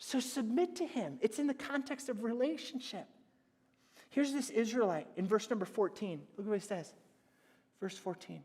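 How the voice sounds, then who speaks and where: A man preaching a sermon as pastor, animated and storytelling, acting out little scenes and dropping to a hush on key points. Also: high-pitched, moderate pace, breathy edge. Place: church sanctuary. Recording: church hall reverb.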